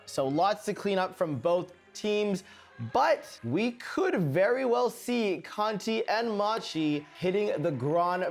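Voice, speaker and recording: A man hosting a figure skating recap show, commentating over highlights in a lively, playful way. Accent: put-on British accent. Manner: playful, chatty sign-off with a put-on accent.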